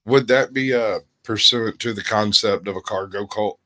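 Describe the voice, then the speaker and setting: Lower-voiced guy joking around and telling a story on a podcast, lots of uh's. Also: moderate pace, sharp tone. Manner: jokey, storytelling, frequent uh fillers. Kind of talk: casual chat.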